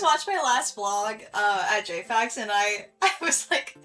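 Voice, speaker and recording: A woman's voice: medium pitch, expressive, measured pace, hardly any pauses, sharp tone, soft background music. A young woman from Michigan chatting through a vlog, giggly and full of fillers as she tells a story. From Michigan, USA. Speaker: vlogger.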